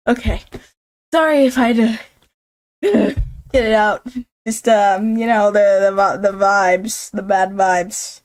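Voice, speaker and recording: A woman's voice: mid-range voice, slow pace, long pauses, a little mellow. A young woman streaming a game, playfully reading its text aloud and chatting with viewers, giggling often.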